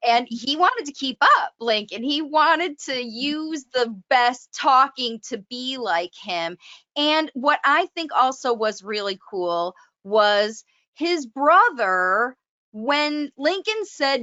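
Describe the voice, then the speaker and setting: Woman host, speech coach, fairly high bright voice, dry close sound, muffled lo-fi call audio, leading tag questions. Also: big pitch swings, slow pace, dry recording. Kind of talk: conversational interview.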